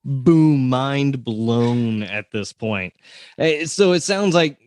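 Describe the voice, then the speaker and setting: A man's voice: mid-range voice, expressive, slow pace, a little mellow, no room sound. A man hosting a podcast interview, asking easygoing questions with a joking touch. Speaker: podcast host.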